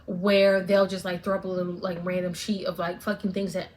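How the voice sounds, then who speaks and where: A woman's voice: lowish voice, level tone, a little fast. A woman vlogger ranting straight to camera, fervent and profane, repeating lines for emphasis. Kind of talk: direct-to-camera rant.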